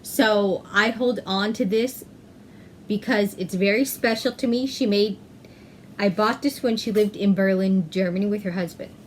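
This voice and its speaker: A chatty woman hosts a knitting podcast, talking at an unhurried, slow pace. She often pauses on "um" and corrects herself as she goes. A faint background noise sits under her voice. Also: medium pitch, fairly even intonation. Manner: chatty, self-correcting, frequent "um". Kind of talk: casual chat.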